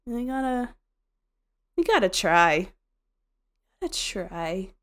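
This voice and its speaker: A young woman co-hosting a podcast in relaxed chat. She is animated, laughs often, and breaks into loud exclamations. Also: medium pitch, slow. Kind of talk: casual chat.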